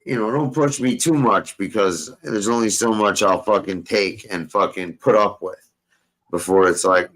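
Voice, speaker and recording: A man's voice: fairly low pitch, normal speed, a bit bright, low-quality recording. Foul-mouthed man telling a rambling story. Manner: profane, rambling, street slang. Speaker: podcast host. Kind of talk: casual storytelling chat.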